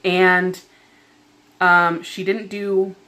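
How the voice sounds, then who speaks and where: A woman's voice: fairly low pitch, little pitch movement, drawn-out words, sharp tone. A woman vlogger telling a story at home in a casual, chatty way, with lots of "like" and an exasperated, venting tone. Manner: chatty, heavy filler "like", exasperated retelling.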